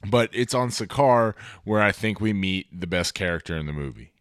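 A man with a low, smooth, resonant voice chats about a movie on a podcast. He is excitable and rambling, swears freely, and sounds close and dry. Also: moderate pace, no room sound. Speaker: podcast co-host. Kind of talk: casual movie-review chat.

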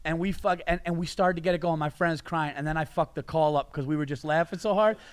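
A man's voice: fairly high pitch, fast talker, smooth, dry recording. A man hosting a comedy podcast, telling loose, profane stories and laughing hard. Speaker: podcast host. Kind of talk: casual comedy podcast chat. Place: festival podcast recording.

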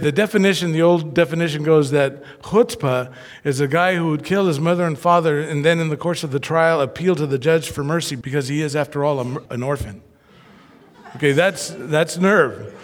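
A man preaching a sermon, telling personal stories with lively acted-out voices. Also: on the high side, big-room sound. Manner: animated storyteller who acts out voices. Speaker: pastor.

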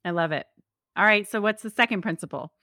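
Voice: mid-range voice, bright, forceful tone, no room sound, studio quality. A podcast host who mostly agrees briefly and asks the next question. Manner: encouraging, quick agreement and laughs. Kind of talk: interview, brief backchannel.

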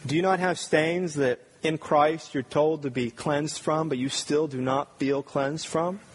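A man preaching a sermon with strong emphasis, swinging from loud, ringing peaks down to low, quiet stretches. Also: fairly even intonation, measured pace, slightly rough. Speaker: pastor.

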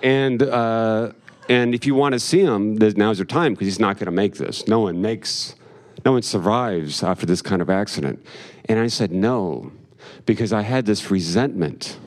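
A man's voice: fairly low pitch, moderate pace. Wry, cursing man telling a story. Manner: profane, rambling, wry asides. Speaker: storyteller on stage. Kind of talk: live storytelling with jokes.

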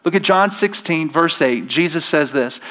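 A man's voice: on the high side, expressive, moderate pace, fairly bright tone. A middle-aged male pastor preaching a sermon from a church stage, emphatic and full of rhetorical questions.

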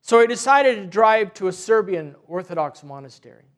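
A man with a high voice preaching from the pulpit as a parish priest. He tells his story earnestly and unhurriedly, often stopping to restart a phrase. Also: lively intonation, moderate pace. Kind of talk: sermon with a retold story.

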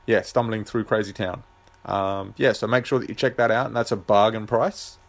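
Hesitant low-voiced man chatting. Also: normal speed, creaky. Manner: hesitant, full of ums and uhs; relaxed, rambling. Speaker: author and podcast host. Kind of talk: casual solo chat.

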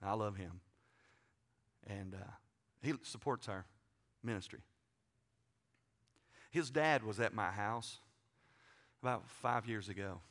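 A middle-aged man preaching a sermon, folksy and joking, swinging from loud to quiet asides. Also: on the low side. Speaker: pastor.

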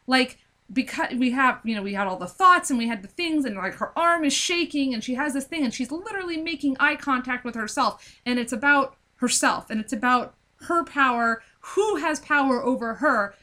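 A woman in casual chat about a book and its film, animated and acting out scenes with lots of filler words. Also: high voice. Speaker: book discussion co-host.

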